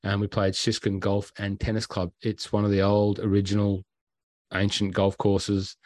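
A man's voice: on the low side, moderate pace, no echo. A man with an Australian accent, a podcast host telling travel stories in casual chat, acting out quotes and sounds. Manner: animated, acts out quotes and sounds. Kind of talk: casual storytelling.

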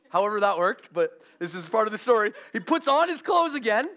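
A man preaching a sermon, telling a Bible story with animated, acted-out quotes. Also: high voice, normal speed. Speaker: pastor.

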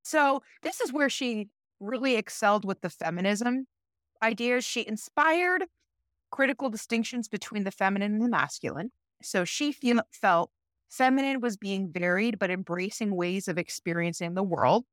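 A woman's voice: medium pitch, lively intonation, normal speed, no room sound, clean studio sound. A woman co-hosting a casual podcast, chatting freely, swearing and acting out quotes. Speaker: podcast co-host. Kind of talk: casual chat.

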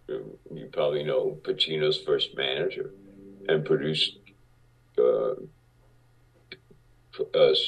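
A Cuban-born man with a low, gravelly voice tells stories as an interview guest, acting out quotes as he goes. He speaks slowly, and the audio is distant and dull. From Cuba. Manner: animated, acts out quotes. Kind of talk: casual interview storytelling.

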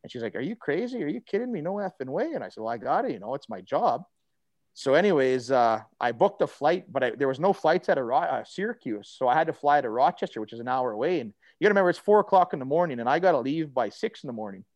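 A man's voice: medium pitch, fast, no echo. Rambling middle-aged man telling a story. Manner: rambling, animated storyteller with many fillers and restarts. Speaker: former pro hockey player telling a story. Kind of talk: casual storytelling on a podcast.

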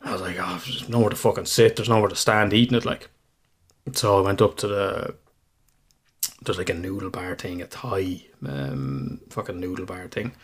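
A man's voice: low-pitched, normal speed, breathy edge. A man co-hosting a podcast, telling funny stories with plenty of swearing and laughter. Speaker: podcast co-host. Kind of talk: casual podcast chat.

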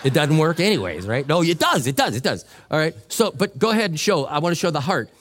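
A middle-aged male pastor preaching a sermon, telling a joking, animated story with quoted voices. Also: on the high side, fast talker, a little hiss or hum. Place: church sanctuary.

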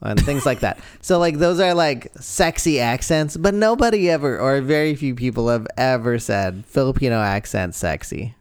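A man talking in a casual chat on a podcast, animated and often laughing as he makes his points. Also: mid-range voice, normal speed, hardly any pauses, smooth, no room sound. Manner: animated, laughs often, jumps into a put-on Australian voice.

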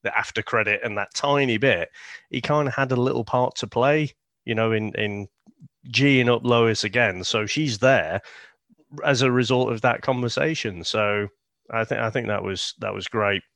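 Un uomo con britannico che parla di film in un podcast, esitante e pieno di ripetizioni. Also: male voice, mid-range voice, moderate pace, creaky, fairly bright tone, no room sound. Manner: hesitant, repeats words. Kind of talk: casual film podcast chat.

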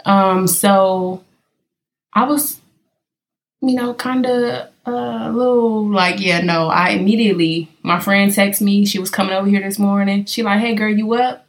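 A woman's voice: mid-range voice, fairly even intonation, measured pace. A woman from California hosting a casual podcast, talking straight to her listeners as she tells stories. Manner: chatty storyteller addressing listeners directly. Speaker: podcast host.

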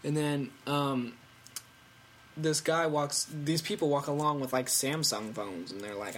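A man's voice: on the high side, a little slow, slight background noise. Rambling teenage boy podcast host. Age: teens. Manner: rambling and excitable, with lots of fillers and animated asides. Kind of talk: casual tech podcast chat.

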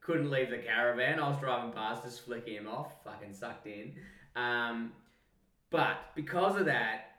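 A man's voice: mid-range voice, unhurried, sharp tone, distant mic. Sweary Australian man telling a story. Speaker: podcast co-host. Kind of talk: casual chat, storytelling. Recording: roomy sound, mic set back.

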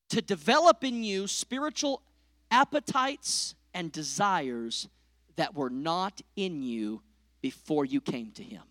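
A middle-aged man preaching a sermon, swinging from loud peaks to hushed lines and calling out to the congregation. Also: high-pitched, dry recording, clean studio sound. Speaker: pastor.

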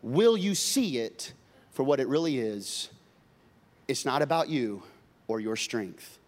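A male pastor preaching a sermon, conversational and humorous with emphatic swings from loud to soft. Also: medium pitch, very animated, slow.

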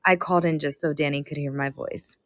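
Deadpan low-voiced woman caller. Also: brisk, a loud crowd. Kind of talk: casual chat.

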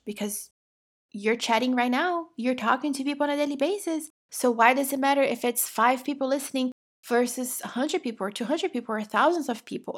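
A woman's voice: fairly high pitch, slightly rough. A woman with an accent hosting a podcast, talking in an encouraging, empathetic and emphatic way in a motivational monologue. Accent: non-native English accent. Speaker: podcast host.

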